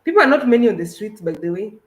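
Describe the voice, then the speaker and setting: A woman's voice: mid-range voice, big pitch swings, racing, echoey room, low-quality recording. A woman from Kenya, a travel vlogger, chatting casually and animatedly with her co-host about her trip, with frequent restarts. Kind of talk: casual livestream chat.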